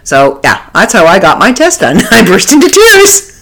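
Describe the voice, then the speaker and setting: A woman from Canada hosting a podcast from her home studio, telling a story in a casual, animated way and laughing often. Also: medium pitch, normal speed. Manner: animated, laughs often, acts out quoted voices. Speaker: podcast host.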